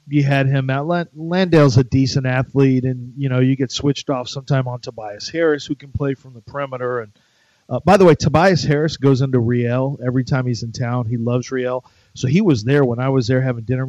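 A man's voice: medium pitch, darkish tone, no room sound, lo-fi sound. A middle-aged man hosting sports talk radio, rambling and joking in casual chat. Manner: rambling, chatty, jokey.

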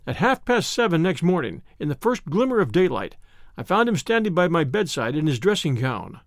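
Man with a lively high reading voice. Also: no room sound, clean studio sound. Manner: measured storytelling. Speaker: narrator. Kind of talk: audiobook reading of a classic story.

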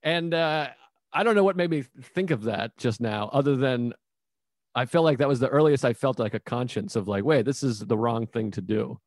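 A man's voice: medium pitch, moderate pace, no room sound. Man, thirties, podcast host, casual musing talk, asks follow-ups, dry close sound. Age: 30s.

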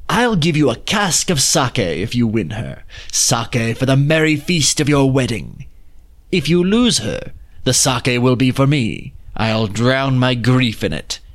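A man's voice: mid-range voice, big pitch swings, measured pace. A man reading a storybook, voicing a proud young male god who is lovesick and heartbroken, speaking mournfully and then challenging his brother.

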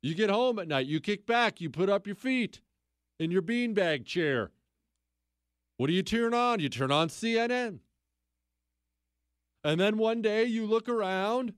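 Sarcastic man hosting talk radio, lively swooping delivery, dry booth sound. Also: a little slow, pauses often, smooth, no room sound. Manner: sarcastic, mocking, heavy repetition; animated, swings into incredulous high outbursts. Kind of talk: political talk radio monologue.

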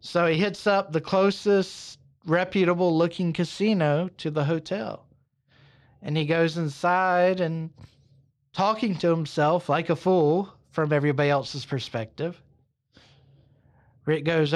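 Man, podcast host, slow storytelling, slightly high voice, casual asides. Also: fairly even intonation. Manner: unhurried, conversational with "you know" asides. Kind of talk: storytelling narration.

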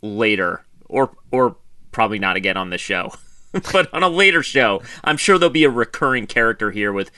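A man's voice: on the low side, brisk, no echo, studio quality. A man co-hosting a football podcast in casual chat, laughing often and joking. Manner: laughs often, jokey and animated. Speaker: podcast co-host.

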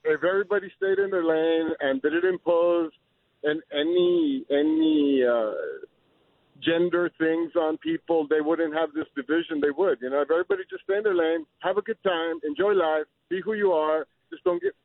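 A man's voice: fairly high pitch, animated, normal speed, no room sound. A man from Texas calling a radio show, earnest and stammering, repeating himself. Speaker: caller. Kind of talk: call-in radio chat. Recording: tinny phone line.

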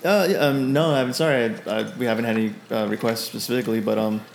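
A man's voice: mid-range voice, quick pace, vocal fry, echoey room, a little hiss or hum, close to an everyday voice. A man voicing a chipper young male guild receptionist in a tabletop game. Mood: helpful.

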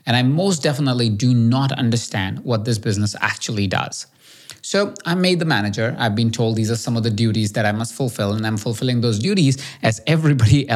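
A man from India, hosting a solo podcast and telling a self-mocking personal story with lively swings in pitch. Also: creaky. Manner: animated, self-mocking, quick shifts in pitch. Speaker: podcast host.

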